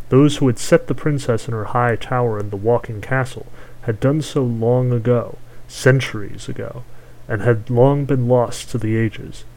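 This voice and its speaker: A man narrating a fairy tale in a steady, measured storytelling manner. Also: mid-range voice, rough recording.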